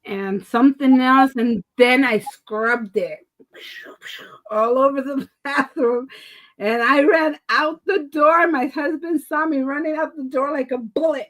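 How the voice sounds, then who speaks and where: Middle-aged woman, high voice, unhurried, laughing storyteller, casual chat. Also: low-quality recording. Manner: animated storyteller, laughs often, acts out quotes. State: asthma and COPD. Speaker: co-host of a talk stream.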